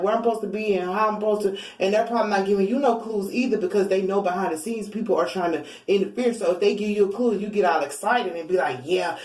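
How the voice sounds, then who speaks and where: Tarot reader woman, relaxed chatty delivery, a little off-mic in an echoey room. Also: medium pitch. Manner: chatty, informal, laughs often. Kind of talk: casual spiritual reading. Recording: roomy, a bit far from mic.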